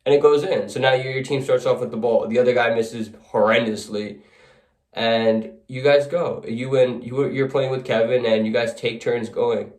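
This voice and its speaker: A man's voice: mid-range voice, moderate pace. Man telling a second-person story. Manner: relaxed, casual, vivid scene-setting. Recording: roomy echo.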